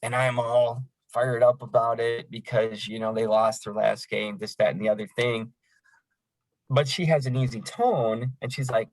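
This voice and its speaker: A man's voice: mid-range voice, normal speed, vocal fry, dry recording, rough recording. A man running a crisis line training session in a conversational, folksy way, with frequent fillers. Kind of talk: training lecture.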